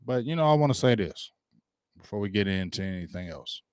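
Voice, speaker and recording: A man's voice: fairly low pitch, lively intonation, a little fast, a little mellow, clean tone, no room sound, studio quality. Hyped slangy sports-stream host man. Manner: hyped, slangy, greets viewers by name. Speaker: sports talk livestream host. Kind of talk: casual livestream chat.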